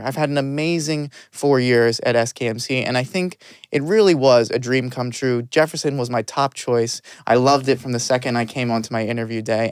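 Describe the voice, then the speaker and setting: A man's voice: mid-range voice, clean tone, dry recording. A young man in his twenties, a medical student hosting a podcast, asking questions eagerly and with enthusiasm. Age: 20s. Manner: eager, enthusiastic, quick to laugh. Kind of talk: casual interview.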